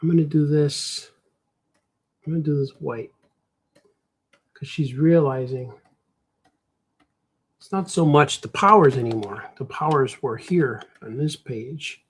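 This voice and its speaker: A man's voice: fairly high pitch, unhurried, pauses often, breathy edge. A man with a Chicago accent, chatting casually and rambling to himself while he draws on a livestream, tossing in "man" a lot. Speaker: cartoonist streaming while drawing.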